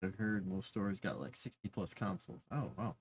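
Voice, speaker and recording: A man's voice: deep voice, lively intonation, moderate pace, a little hiss or hum. A man chatting casually on a live stream while writing fantasy lore, rambling, talking to his cat and reading chat aloud.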